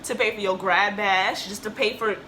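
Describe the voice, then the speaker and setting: A young woman acting out her mother, who laughs and cries with relief and soothes her daughter in a very high, breathless voice. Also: steady tone, normal speed, bright, forceful tone, a little hiss or hum, close to an everyday voice. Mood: laughing relief.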